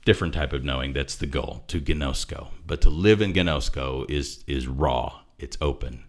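A man talking through a scripture passage in casual chat, animated and laughing as he explains. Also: a bass voice, normal speed. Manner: animated, acts out quoted voices, laughs often.

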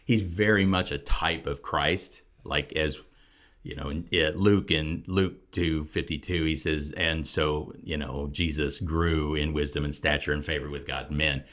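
Deep-voiced man explaining scripture. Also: fairly even intonation, unhurried, a bit bright. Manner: explanatory, rising to emphatic preaching on key points. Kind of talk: casual Bible discussion.

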